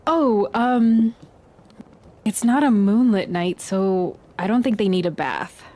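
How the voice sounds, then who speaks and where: A woman voicing a hesitant fellow student who haltingly reads out care instructions. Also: mid-range voice, mellow, natural voice. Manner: hesitant, reading aloud haltingly.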